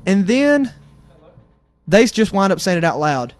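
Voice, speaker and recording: A man's voice: sits high, big pitch swings, moderate pace, soft background music. A man co-hosting a casual comedic radio show, rambling through self-deprecating stories.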